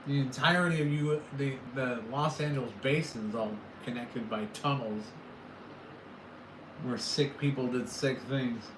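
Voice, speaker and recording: A man's voice: mid-range voice, fairly even intonation, measured pace, noisy background. A man from California hosting a casual livestream, rambling and joking with his chat. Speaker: livestream host. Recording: echoey room with faint ambience.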